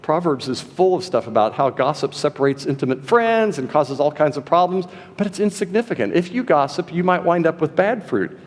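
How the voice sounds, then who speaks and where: A man's voice: a little high, animated, a little fast, hardly any pauses. A man preaching in an echoing chapel. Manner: conversational, with frequent ums and uhs; reads quotations aloud with emphasis. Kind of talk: sermon.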